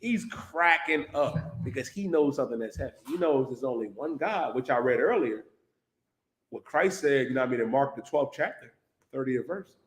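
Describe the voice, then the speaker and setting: Male class leader, animated and joking, slightly high-pitched, recorded in an echoey room. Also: moderate pace. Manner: mocking, joking, loud interjections. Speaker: class instructor. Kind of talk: lively religious class teaching.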